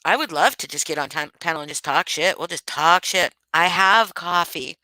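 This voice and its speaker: A woman's voice: low-pitched, fairly even intonation, brisk, hardly any pauses, pushed and bright, no room sound, rough recording. Sleepy, chatty woman streaming from home. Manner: rambling and chatty, addressing viewers by name. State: sleepy and yawning. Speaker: livestream host. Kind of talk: casual chat with livestream viewers.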